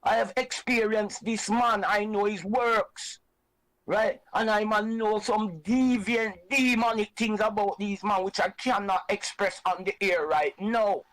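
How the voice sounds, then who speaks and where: A man's voice: high-pitched, steady tone, a little slow, a bit bright, rough recording. A Jamaican man hosting an online show who argues with passion, preaching and repeating his points for emphasis. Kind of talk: impassioned reasoning talk.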